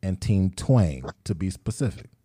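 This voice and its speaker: A man's voice: deep voice, animated, measured pace, mellow, breathy edge, dry recording, studio quality. A man hosting a casual podcast chat, teasing his co-hosts and laughing often. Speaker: podcast host.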